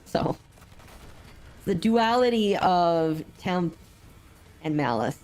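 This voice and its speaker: A woman with a low-pitched voice talks over a game she is streaming. She rambles with plenty of ums, and she sounds unwell and drained of energy. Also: a little mellow. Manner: rambling, frequent laughs and ums. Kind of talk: casual gameplay commentary.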